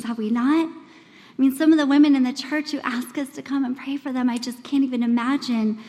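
A high-pitched woman in her forties gives a sermon to a room of women, talking in an earnest, conversational way. She acts out quoted voices with big swings in pitch. The long reverb of a large church hall carries her voice. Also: a little mellow. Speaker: speaker at a women's church gathering.

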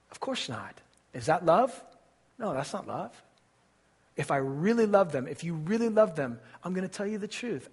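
A fairly high, husky male voice delivering a sermon from the pulpit. He speaks earnestly and puts questions straight to his congregation. His delivery moves between soft, hushed stretches and louder, raised passages. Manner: earnest, addresses listeners directly with questions. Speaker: pastor.

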